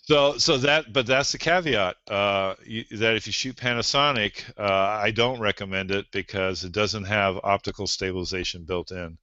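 A man who is a podcast guest, talking gear in a casual chat and often pausing with "uh". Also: on the low side, bright, forceful tone, no echo, muffled recording. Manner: gear-focused, hesitant, many uhs.

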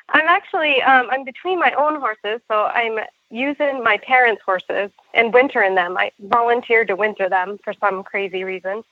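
A woman from Vermont calls in to a radio show over a muffled phone line. Her voice sits a little high, and she is friendly and giggles often. The sound is dry. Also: normal speed, dry recording. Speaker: caller. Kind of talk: casual phone call.

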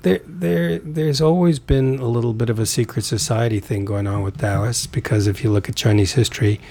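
A man's voice: mid-range voice, fairly even intonation, normal speed, gravelly, a little mellow. A man, a Taoist author, talking as a podcast guest in a rambling way, restarting and repeating words. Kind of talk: casual conversation.

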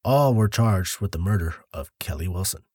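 Husky mellow man narrating a case. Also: sits low, animated, normal speed, dry recording, clean studio sound. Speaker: podcast co-host. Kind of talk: casual true-crime podcast narration.

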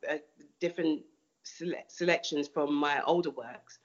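A woman's voice: deep voice, fairly even intonation, normal speed, lo-fi sound. A woman artist answering interview questions thoughtfully, often restarting and repeating words.

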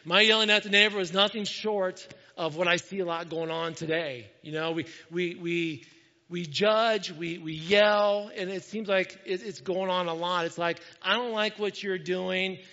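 A pastor telling a story in a sermon, animated and self-mocking, acting out what people said. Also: male voice, sits high, normal speed, long reverb tail, dull audio.

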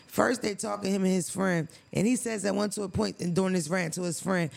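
Gravelly, blunt, profane man co-hosting a podcast. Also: sits high, fairly quick, hardly any pauses. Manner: blunt, profane, animated storytelling. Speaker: podcast co-host. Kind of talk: casual podcast chat.

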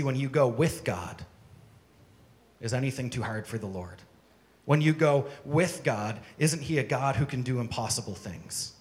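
A man preaching a sermon to a congregation, emphatic and driving his points home with strings of rhetorical questions. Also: medium pitch. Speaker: pastor. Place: church service with congregation.

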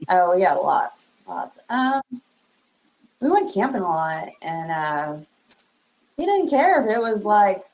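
Being interviewed in a relaxed conversation, a thirtyish woman is chatty, laughs a lot, and leans on fillers. Her mid-range voice is sing-song and darkish, slow with long pauses, on a rough recording.

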